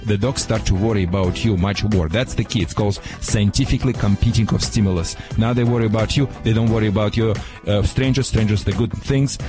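A man with a Russian accent giving animated, theatrical dog-training advice on a radio show in broken English. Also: fairly low pitch.

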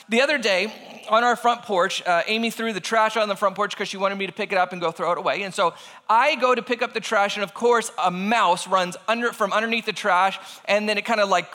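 Bright-voiced man telling a lively story. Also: sits high, in a large hall. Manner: animated, acts out voices in quotes. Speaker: speaker telling a personal story. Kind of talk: animated storytelling to an audience.

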